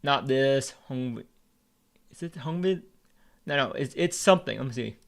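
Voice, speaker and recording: A man's voice: mid-range voice, animated, normal speed, creaky. A Vietnamese American man streaming, rambling in casual chat, repeating words and swearing freely as he talks. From United States.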